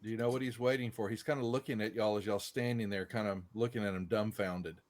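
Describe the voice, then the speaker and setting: A man's voice: on the low side, fairly even intonation, quick pace. A man, running a tabletop game in loose, rambling narration. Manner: loose, rambling, full of fillers and restarts. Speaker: game master.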